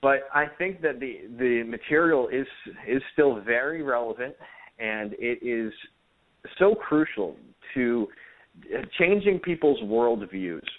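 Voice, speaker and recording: A man's voice: medium pitch, animated, slow. Earnest hesitant man on a phone line. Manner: earnest, hesitant, with frequent fillers. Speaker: radio guest. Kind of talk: call-in radio talk. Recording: tinny phone-line sound.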